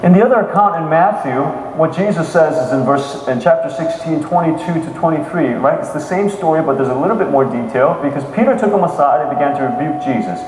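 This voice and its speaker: Male pastor, animated sermon delivery, voice on the higher side, recorded far off in a reverberant hall. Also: fast talker, hardly any pauses, background noise. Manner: animated retelling of scripture with many restarts. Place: church sanctuary. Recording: echoey hall with faint ambience.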